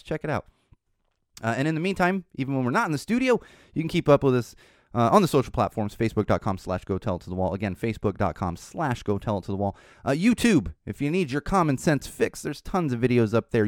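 A man's voice: mid-range voice, dry recording. A man hosting his own podcast, delivering a blunt, profane, impassioned rant and then his sign-off from a studio. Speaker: podcast host. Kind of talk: ranting solo podcast commentary.

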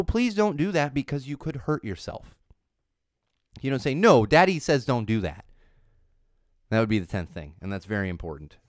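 A man's voice: medium pitch, dry recording, studio quality. A man in his thirties hosting a parenting talk, emphatic and repetitive, with many fillers and restarts. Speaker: parenting podcast host. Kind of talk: casual solo talk.

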